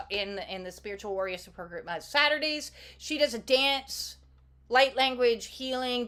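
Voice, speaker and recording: A woman with a somewhat high voice chats loosely to her viewers on a live stream, rambling from one thought to the next. Her talk is playful and warm-hearted, with the occasional casual swear word dropped in. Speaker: oracle card reader hosting a live stream. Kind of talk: casual livestream chat.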